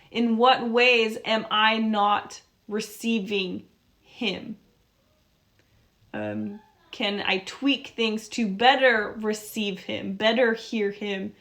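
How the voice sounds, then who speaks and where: A woman's voice: on the high side, fairly bright tone. A woman hosting a devotional scripture study. She talks in an earnest, reflective way and repeats words for emphasis.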